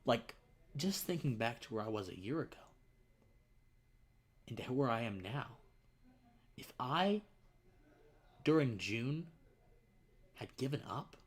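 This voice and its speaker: Earnest young man, halting and emotional. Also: medium pitch, big pitch swings, husky. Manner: earnest, halting, repeats words, drops to near-whispers. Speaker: political podcaster and streamer. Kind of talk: emotional live-stream monologue.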